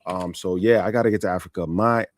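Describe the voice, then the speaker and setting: A man hosting a live stream, reading out viewer questions in a relaxed way with many fillers. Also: sits low, fast, a little hiss or hum. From United States. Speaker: stream host. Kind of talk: casual chat on a live stream.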